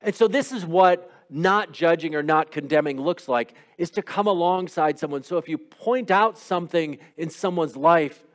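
A man's voice: a little high, normal speed, hardly any pauses. A middle-aged man preaching a sermon in a conversational way, asking rhetorical questions and acting out little quotes. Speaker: pastor.

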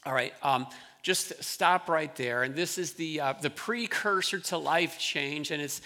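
A man preaching a Sunday sermon in a high, bright and forceful voice, talking conversationally and doubling back on his words as he builds a point. His voice rings out with a long reverb trail, as in a church sanctuary. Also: unhurried. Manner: conversational preaching with verbal restarts. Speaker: pastor.

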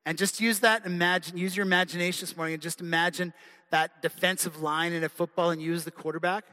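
A man's voice: sits high, fairly even intonation, fast talker, pushed and bright. A male preacher giving an earnest, conversational sermon in a church. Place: church sanctuary. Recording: long hall reverb.

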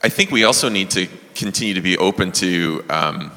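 Male pastor, hesitant, bright lively voice in a reverberant hall. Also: sits low, a little fast. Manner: hesitant, repeats words while thinking. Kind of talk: church panel discussion.

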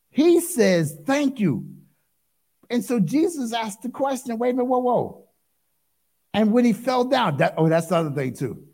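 Fiery gravelly-voiced preacher man. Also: sits high. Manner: emphatic, repeats phrases, whoops and exclaims. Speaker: pastor. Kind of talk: call-and-response sermon.

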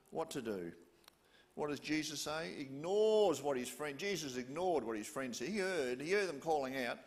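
A man preaching, retelling a story with questions to his listeners. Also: medium pitch. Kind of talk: storytelling sermon.

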